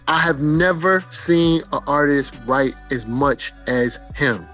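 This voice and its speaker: A male rapper talks in an interview, pressing his points over and over and dropping curses. His voice sits a touch high. Faint music runs behind him. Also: takes it slowly, a bit bright. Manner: emphatic, repeats himself, swears. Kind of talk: emphatic interview talk.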